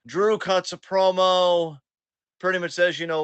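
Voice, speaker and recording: A man's voice: sits high, level tone, a little slow, fairly bright tone, smooth, no room sound, muffled recording. A man co-hosting a casual wrestling recap podcast, swearing freely and sarcastically acting out what the wrestlers said. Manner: profane, sarcastic, acts out quotes. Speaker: podcast co-host.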